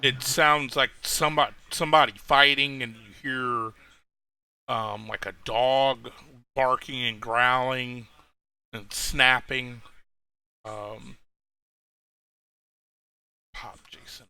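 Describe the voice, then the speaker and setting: A man's voice: mid-range voice, fairly even intonation, takes it slowly, long pauses, pushed and bright, smooth. A man narrating as game master of a tabletop game, rambling, with many fillers and restarts.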